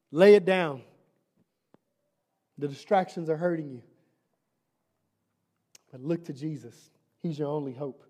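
A man's voice: a little high, warm tone. A man preaching a sermon as pastor, conversational and humorous, asking the congregation questions and building to emphatic repeated lines.

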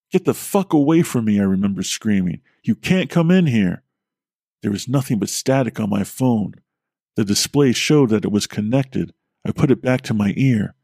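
Low gravelly guy reading a scary story, steady pace, dry close sound. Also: no room sound. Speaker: podcast host and narrator. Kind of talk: scripted horror story narration.

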